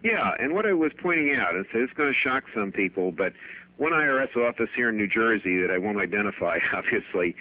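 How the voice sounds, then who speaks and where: A man's voice: on the low side, lively intonation, a little fast. A middle-aged man, an accountant guest on a radio show, telling anecdotes in a chatty way and laughing at his own stories. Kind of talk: radio interview storytelling. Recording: tinny phone-band radio broadcast.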